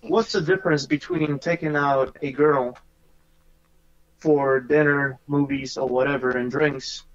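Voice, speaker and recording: A man's voice: mid-range voice, steady tone, unhurried, dull audio. A man calling into a podcast, arguing bluntly and swearing freely. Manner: blunt, argumentative, swears a lot. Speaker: caller.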